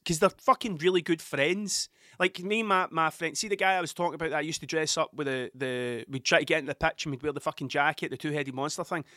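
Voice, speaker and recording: A man's voice: fairly high pitch, brisk, pushed and bright, no room sound, clean studio sound. Sweary Scottish man telling a story. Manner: sweary, rambling, with frequent restarts. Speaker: podcast host. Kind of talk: casual storytelling monologue. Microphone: close microphone.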